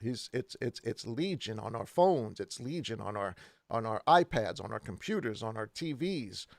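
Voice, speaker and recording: A man's voice: lowish voice, lively intonation, normal speed, creaky, dry recording, clean studio sound. A man co-hosting a casual church talk show, speaking emphatically with frequent restarts and repeated words. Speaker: church podcast co-host. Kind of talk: casual faith discussion.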